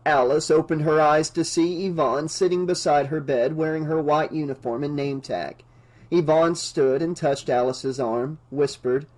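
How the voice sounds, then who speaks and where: A man reading a horror novel aloud as an audiobook narrator, in measured, dramatic narration. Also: fairly high pitch, a little mellow, poor audio.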